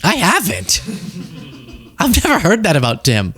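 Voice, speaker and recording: A man's voice: high-pitched, wildly swooping pitch, takes it slowly, pushed and bright, soft background music. A man hosting a political commentary show, talking casually with a sarcastic, laughing, mocking manner and a trace of a Southern US accent.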